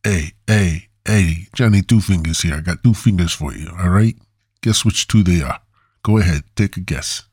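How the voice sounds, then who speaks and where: A man's voice: low-pitched, moderate pace, a little mellow, breathy edge, no echo, studio quality. A man voicing a crude, threatening male mobster type in a poorly done Italian accent, full of tough-guy bravado. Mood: menacing.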